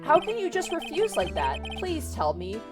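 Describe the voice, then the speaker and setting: A woman's voice: high-pitched, wildly swooping pitch, normal speed, distant mic, over music, pitched above the performer's own voice. A woman voicing a nervous young male defense attorney who stammers and hesitates. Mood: pleading.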